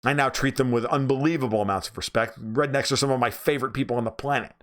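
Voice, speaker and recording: A man's voice: medium pitch, quick pace, a bit bright. A man with a New York accent hosting a livestream, talking bluntly and profanely while reading viewer comments. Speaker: livestream host.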